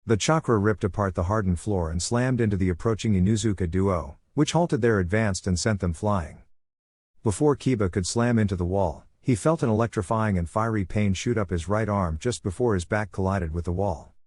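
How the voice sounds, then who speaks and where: A man reading a fan fiction story aloud in a steady, even narration. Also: fairly low pitch, normal speed, no room sound.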